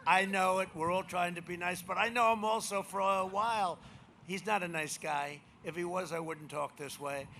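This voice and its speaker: A high-pitched man gives a boastful, rambling campaign rally speech into a podium microphone. His tone is bright and forceful, and he swings between shouted lines and low muttered asides. Faint noise hangs in the background. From United States. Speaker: president speaking as a candidate. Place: rally venue.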